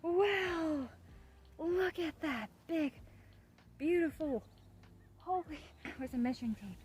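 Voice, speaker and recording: A woman's voice: high-pitched, slow pace. Chatty young woman fishing outdoors. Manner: excitable, shrieks and laughs at a big catch; chatty, playful slang. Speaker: fishing vlogger. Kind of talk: casual live-stream chat. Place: outdoors at a pond shore.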